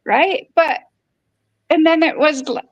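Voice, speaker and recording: Speaking slowly in a high voice, a podcast host in her fifties recounts a personal story in a frank, chatty way, performing the quoted lines. The recording is dry, with the highs cut off.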